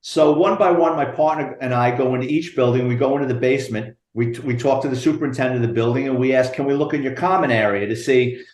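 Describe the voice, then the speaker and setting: A retired police detective, telling profane, animated stories in an interview. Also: male voice, medium pitch, quick pace, hardly any pauses, echoey room. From United States. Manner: animated, profane storyteller acting out dialogue. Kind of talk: storytelling interview.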